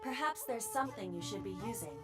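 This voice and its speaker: A woman's voice: fairly high pitch, animated, fast, loud music behind the voice, lightly acted. A woman voicing a chirpy AI sidekick. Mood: wry. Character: female AI partner, sharp and teasing.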